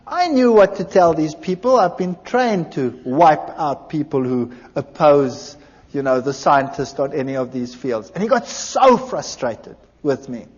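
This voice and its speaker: A man giving a personal testimony, telling his story in an animated way and acting out the dialogue. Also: on the high side, unhurried. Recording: dull lo-fi recording in a large reverberant hall.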